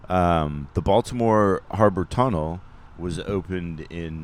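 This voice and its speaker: Very deep-voiced man rambling jokily. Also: slow, slight background noise. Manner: rambling and joking, many ums. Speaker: comedian and vlogger. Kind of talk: casual voice-over narration. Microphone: voice-over, not recorded on the road.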